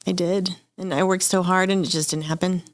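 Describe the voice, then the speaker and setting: Woman guest in her forties, low voice, open and emotional storyteller, dry close recording. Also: little pitch movement, fairly quick, dry recording. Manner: candid, open, quotes people she talks to. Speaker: interview guest.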